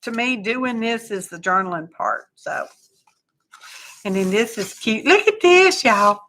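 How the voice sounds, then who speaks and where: Chatty woman with a bright voice. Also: mid-range voice, measured pace. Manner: chatty and folksy, greets viewers by name, says y'all. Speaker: crafting livestream host. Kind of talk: casual live craft chat.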